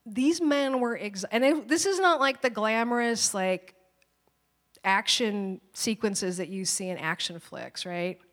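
A woman in her thirties preaching a sermon, telling personal stories in a conversational, animated way and acting out quoted voices. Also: medium pitch, a little slow. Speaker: pastor. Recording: long reverb of a church hall.

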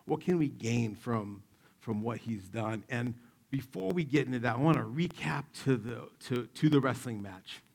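A man in his forties preaching a sermon, telling stories in an animated, joking way and acting out the quotes. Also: medium pitch, normal speed, creaky, husky. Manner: animated, jokey, acts out quotes. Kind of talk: sermon with personal storytelling.

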